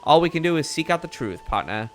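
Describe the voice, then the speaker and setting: A man voicing a chatty male bird reporter from a video game, reading the lines aloud with lively rises in pitch. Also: fast, faint music behind.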